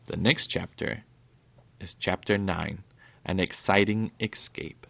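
A man reading a bedtime story aloud to his children, gentle and lively. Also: low-pitched, takes it slowly, vocal fry, dry recording, dull audio.

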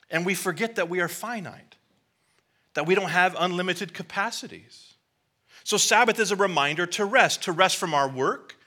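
A man's voice: fairly high pitch, pushed and bright. A middle-aged man, a pastor, preaching a sermon in a conversational, storytelling way with asides to the congregation.

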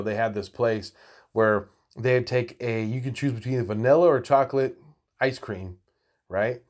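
Profane rambling man telling stories. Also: mid-range voice. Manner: profane, rambling, animated, laughing asides. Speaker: storyteller. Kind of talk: casual storytelling monologue.

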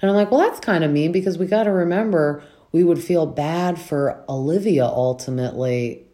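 A young woman with an unusually deep, warm voice hosts a podcast recapping reality TV in a casual, chatty way. She says "like" constantly and acts out quick impressions of what cast members said.

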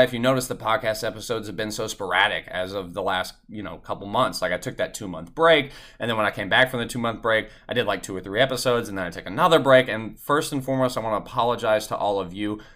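A young man hosting his podcast, telling a personal story in a casual, animated way and swearing constantly. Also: fairly low pitch. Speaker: podcast host.

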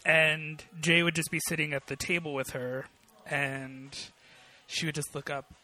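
Dude in casual chat, kinda high bright voice, earnest and reflective, lots of uhs. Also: male voice, steady tone, unhurried, soft background music. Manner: earnest, reflective storytelling with hesitations.

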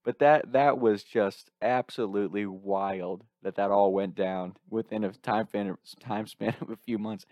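Young guy telling a college story, kinda low voice, laughing a lot, dry sound. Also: a little slow, hardly any pauses, dry recording. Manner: animated, laughs through his story. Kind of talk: casual storytelling.

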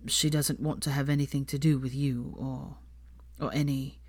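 Woman reader doing a guarded, anxious young man; hushed, halting, low and dry. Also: husky, dry recording. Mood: brooding. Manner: hushed, halting, heavy sighs.

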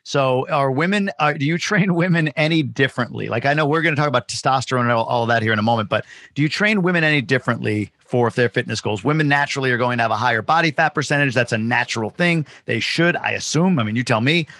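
A man's voice: medium pitch, quick pace, hardly any pauses, sharp tone, no room sound, studio quality. A man hosting an interview, asking rambling questions and stacking several at once. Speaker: podcast host.

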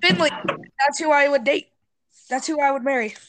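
A man's voice: very high voice, normal speed, bright, forceful tone, slight background noise. A teenage boy co-hosting a podcast, teasing his friends with nosy questions and giggling. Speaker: podcast co-host. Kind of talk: casual chat.

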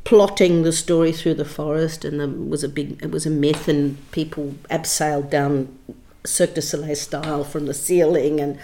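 A middle-aged woman tells a long story as an interview guest. Her voice sits a little low for a woman, and she speaks expressively, leaning on key words and often restarting her sentences. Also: flat delivery, normal speed, warm tone. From Australia. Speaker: theatre director and writer, interview guest.

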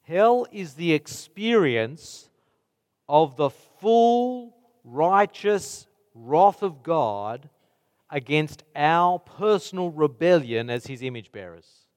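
A man with a high voice preaches a sermon at an unhurried pace, setting his words apart with weighty pauses. A long hall reverb trails behind his voice. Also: sing-song.

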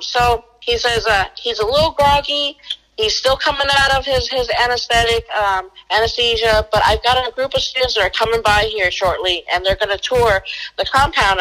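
A woman's voice: mid-range voice, bright, forceful tone, poor audio. A woman telling a personal story as a guest in a casual conversation, acting out the quoted lines. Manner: acts out quoted dialogue.

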